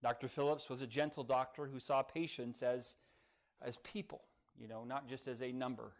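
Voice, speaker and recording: A male pastor preaching a sermon, telling a story earnestly with dramatic pauses. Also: medium pitch, flat delivery.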